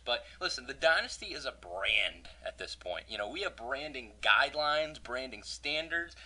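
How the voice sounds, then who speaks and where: A man's voice: medium pitch, animated, moderate pace, bright, forceful tone. A man hosting a casual podcast, joking and venting about a minor pet peeve. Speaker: podcast host.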